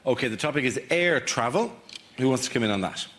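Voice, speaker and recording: A man hosting a panel show, briskly announcing topics and calling on panellists. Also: mid-range voice, lively intonation, fairly bright tone. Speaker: quiz show host. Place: TV studio with live audience. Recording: crowd and noise from off-mic.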